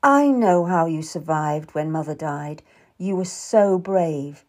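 A woman reading the lines of a calm, tender young Tudor man who is courting, in an audiobook. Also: low-pitched, takes it slowly, full character voice. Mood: earnest. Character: young Tudor man, earnest gentle suitor.

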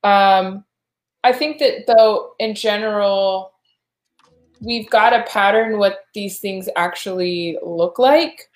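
A woman's voice: medium pitch, takes it slowly, roomy sound. A woman co-hosting a casual podcast, talking in a thoughtful, rambling way. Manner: thoughtful, rambling, with fillers and restarts. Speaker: podcast co-host.

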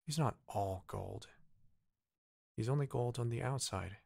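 A man's voice: mid-range voice, measured pace, vocal fry, darkish tone, slightly rough, no room sound, studio quality, voice pushed up. A man voicing a small kind-hearted bird. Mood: gentle.

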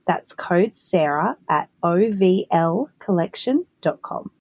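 A woman reads a podcast sponsor spot in an even, promotional tone. Her voice sits a little low, and the recording is dry and close to the microphone. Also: slow, breathy edge, dry recording. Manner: steady, promotional. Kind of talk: podcast ad read.

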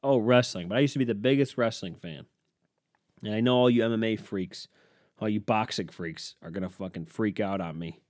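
Podcast host, man in his thirties, low voice, dry close-mic sound, sarcastic and profane. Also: a little fast, a little mellow, dry recording. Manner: sarcastic, swears often, reacts to headlines. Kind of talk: profane solo podcast rant.

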